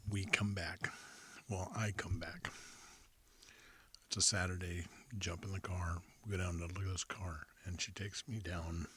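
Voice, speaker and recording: A soft-spoken man spins a casual, chatty anecdote for an ASMR audience, close on a studio microphone. His voice is deep and very breathy, almost all air. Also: flat delivery, a little slow. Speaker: ASMR storyteller. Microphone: close studio condenser mic.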